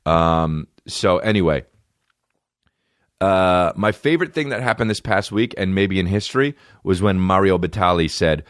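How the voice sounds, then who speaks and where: A man's voice: sits low, lively intonation, moderate pace, no echo, clean studio sound. A man in his thirties hosting a comedy podcast, riffing profanely and slipping into mocking voices. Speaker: podcast host.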